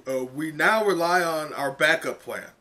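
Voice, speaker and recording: A man voicing a formal school official, reading haltingly with many fillers. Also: fairly high pitch, bright, forceful tone.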